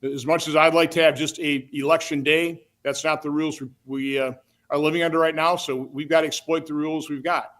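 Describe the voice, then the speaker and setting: An older man from Wisconsin, a senator talking in an interview in a plain-spoken, halting way full of restarts. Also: a little high, little pitch movement, a bit bright. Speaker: guest, senator.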